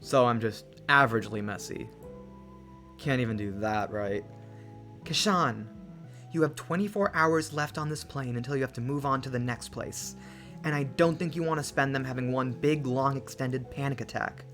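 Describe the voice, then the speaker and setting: A woman voicing a brisk, reassuring female barista, reading game lines with a hint of Australian flavor over soft music. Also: rumbling low, pitched below the performer's own voice. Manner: brisk, soothing, slips into Australian. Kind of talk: game dialogue read aloud. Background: soft lofi music.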